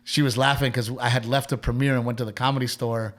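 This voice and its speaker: A comedian spins a casual story on his podcast. He rambles, stops and restarts, and speaks at an everyday middle pitch. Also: quick pace. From Texas. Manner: rambling, animated, lots of fillers and restarts.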